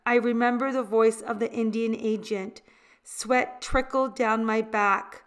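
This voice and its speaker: A woman reading a children's picture book aloud in a deliberate, expressive way. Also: on the high side. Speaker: storybook reader.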